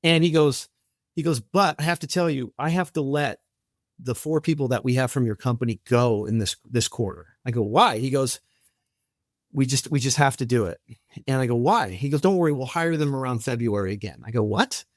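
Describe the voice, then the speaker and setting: A mid-range, slightly fast male voice, clean studio sound with no echo. The speaker is a company founder appearing as a podcast guest, animatedly telling stories, acting out what people said, and restarting himself a lot in the casual interview.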